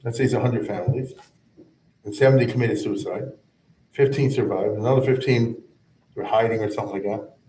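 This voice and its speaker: A man's voice: lowish voice, brisk, long pauses, mellow, a little hiss or hum. A man teaching a rabbinic class in a conversational style, chanting verses and then explaining them with frequent asides. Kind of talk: informal explanatory lecture. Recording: echoey room, mic at a distance.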